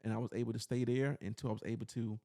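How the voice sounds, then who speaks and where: A podcast host from New York City tells his own story in a loose, rambling way. His mid-pitched voice has a gravelly, creaky edge. He sounds earnest and keeps filling gaps with "you know.". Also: fairly even intonation, rapid-fire, warm tone. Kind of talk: personal storytelling in casual chat.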